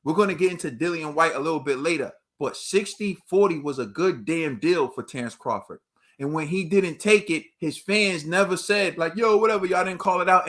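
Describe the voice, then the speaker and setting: An American man hosts a boxing talk show with a high voice. His tone is bright and forceful. He speaks emphatically, uses slang, and talks straight to his viewers. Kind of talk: animated commentary rant.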